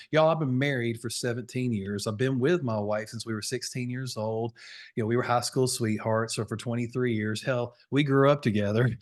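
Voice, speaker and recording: A man around forty, coaching insurance sales over a video call in a folksy, fired-up, preachy way. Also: medium pitch. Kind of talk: energetic webinar training talk.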